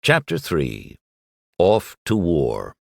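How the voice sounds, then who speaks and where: A man reading an audiobook in a measured, dramatic storytelling manner. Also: deep voice, wildly swooping pitch, gravelly, dry recording, clean studio sound. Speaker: audiobook narrator. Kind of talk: scripted audiobook narration.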